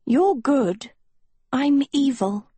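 Storybook hag-witch, young girl at heart, sweet and pleading; a woman reads her, high and husky. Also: expressive, drawn-out words, mellow, no room sound, exaggerated voice. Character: young witch girl turned withered hag, wistful and menacing.

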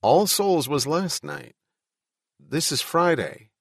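A man's voice: on the high side, animated, slow, gravelly, husky, no echo, clean studio sound, pitched above the performer's own voice, heavily acted. Casting: armed doorman, plain and matter-of-fact, read by the narrator.

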